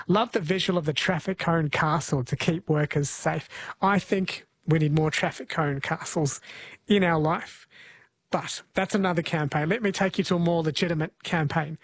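A man hosting a radio show in a relaxed, easygoing way. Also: on the high side, moderate pace. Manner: easygoing, relaxed and light, laughs along. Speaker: radio host.

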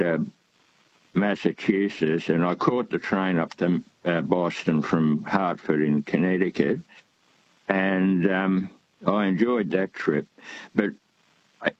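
Older male caller, low voice, rambling and hesitant, dull phone line sound. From Australia. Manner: rambling, hesitant with many fillers. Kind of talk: phone-in call.

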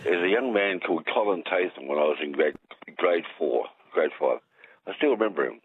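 A man's voice: deep voice, animated, fairly quick, background noise. An Australian man calling in to a radio show, rambling and jokey, with many restarts. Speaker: caller. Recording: tinny phone line.

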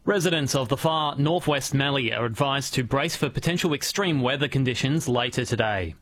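A man reading a local radio news bulletin in a steady, measured manner. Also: medium pitch, slight background noise.

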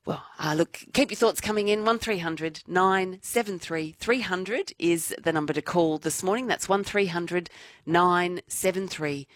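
A woman's voice: fairly low pitch, measured pace, no room sound, clean studio sound. A woman hosting talkback radio in a chatty, conversational way, reading out listener messages.

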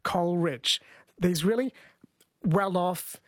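A man's voice: sits high, slow, dry recording. A man hosting a music segment, explaining history in an enthusiastic way. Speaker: host. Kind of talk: presenting a music show segment.

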